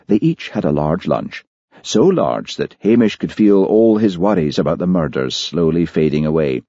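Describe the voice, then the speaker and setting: A man giving scripted narration of an audiobook in a measured storytelling manner. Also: deep voice, big pitch swings, mellow, no echo. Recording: dull lo-fi audiobook recording.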